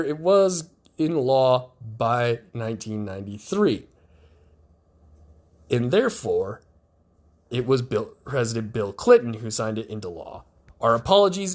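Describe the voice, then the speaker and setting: A male podcast host giving sarcastic, profane political commentary. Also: fairly high pitch.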